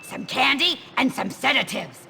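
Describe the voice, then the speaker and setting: A woman playing a scheming middle-aged lunch lady in a video game, with a gravelly voice. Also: sits high, big pitch swings, normal speed, background noise, full character voice.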